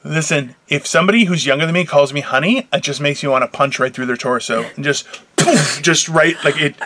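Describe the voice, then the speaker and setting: Man, casual co-host, lively storyteller, bright tone, swears and laughs. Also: a little high, brisk, slight background noise. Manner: animated storyteller, acts out quoted voices, swears, laughs. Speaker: podcast co-host. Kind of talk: casual chat.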